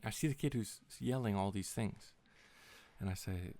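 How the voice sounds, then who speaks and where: Low-voiced young man, exasperated storyteller. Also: moderate pace, dark tone. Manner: rambling, exasperated retelling with lots of swearing. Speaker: vlogger. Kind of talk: casual storytelling to camera.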